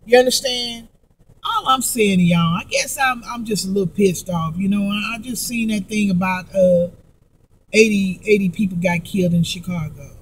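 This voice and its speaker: This woman vlogger's husky, medium-pitched voice comes through a distant mic at a moderate pace. Her monologue is angry, profane and emphatic, full of repetition and heavy stammered restarts.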